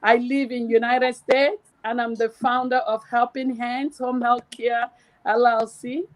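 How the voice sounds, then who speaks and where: A woman's voice: on the high side, darkish tone, poor audio. Friendly woman guest on a video call. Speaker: panel guest. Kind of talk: self-introduction.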